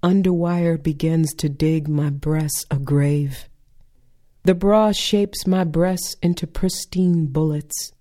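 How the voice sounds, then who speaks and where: Wry woman with a mellow voice. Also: deep voice, fairly even intonation. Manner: wry, deliberate delivery. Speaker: spoken-word performer. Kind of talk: spoken-word personal story.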